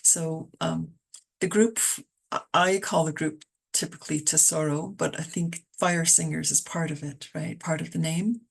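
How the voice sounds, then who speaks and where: A woman from Canada hosts an online poetry reading. Her voice sits low and carries a gravelly edge. She talks in an easy, conversational way, with fillers and restarts. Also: steady tone, moderate pace.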